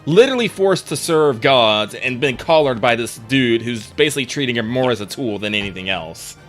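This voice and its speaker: A man's voice: mid-range voice, lively intonation, fairly quick, soft background music. A man co-hosting a casual gaming podcast, chiming in with short reactions. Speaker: podcast co-host.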